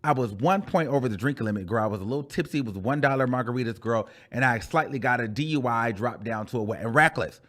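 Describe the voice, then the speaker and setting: A man telling a storytime rant on his channel in a chatty, animated way, calling the listener "girl" and repeating phrases for emphasis. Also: medium pitch, fast talker, few pauses. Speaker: YouTuber.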